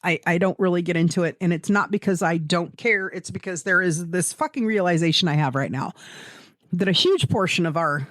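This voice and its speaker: A woman's voice: lowish voice, a little fast, no room sound. A woman co-hosting a podcast in casual chat, rambling, laughing often and swearing freely. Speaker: podcast co-host.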